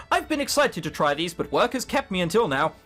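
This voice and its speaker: A man's voice: high voice, big pitch swings, moderate pace, fairly bright tone, faint music behind. A man voicing a polite, composed young man in a game, his phrasing courteous and formal.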